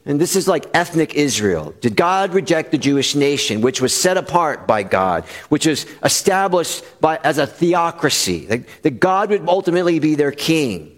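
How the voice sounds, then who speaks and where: A pastor preaching an expository sermon, earnest and emphatic, repeating phrases for stress and slowing on key lines. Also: male voice, a little high, big pitch swings.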